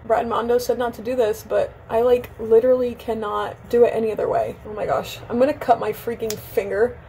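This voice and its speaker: A woman's voice: a little high, little pitch movement, a little fast, gravelly, dark tone, slight background noise, rough recording. A young woman chatting in a casual vlog, dramatic and self-mocking, with frequent gasps and exclamations. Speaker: beauty vlogger.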